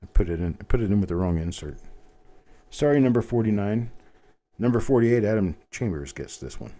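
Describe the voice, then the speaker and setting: A man's voice: on the low side, animated, a little fast, warm tone. A man in his fifties with a general Midwestern accent, hosting a live coin-hobby stream in a chatty, folksy way with rambling asides. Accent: general Midwestern American. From American Midwest. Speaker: coin hobby livestream host. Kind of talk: live unboxing commentary.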